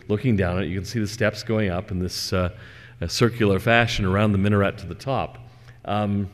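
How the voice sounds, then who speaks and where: Low-voiced man lecturing in a reverberant hall. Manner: relaxed, digressive, with fillers. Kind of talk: religious lecture with scripture reading.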